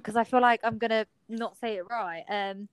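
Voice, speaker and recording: A woman's voice: fairly high pitch, fairly even intonation, moderate pace, slight background noise, low-quality recording. A woman co-hosting a podcast over a video call, chatty and teasing in casual chat. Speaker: podcast co-host.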